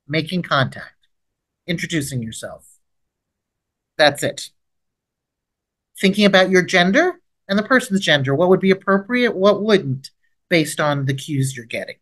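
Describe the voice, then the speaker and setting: Woman teaching, lively role-play lines. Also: low voice, a little slow, pauses often. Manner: lively, rises sharply when acting out gentle approach lines. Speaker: trauma expert leading a training webinar. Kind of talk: instructional lecture with role-played examples.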